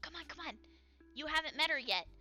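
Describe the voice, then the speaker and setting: A woman's voice: high-pitched, animated, brisk, bright, forceful tone, faint music behind, pitched above the performer's own voice, full character voice. A woman voicing a blunt, sarcastic young female teammate in a tabletop game. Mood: eager. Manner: curt, teasing.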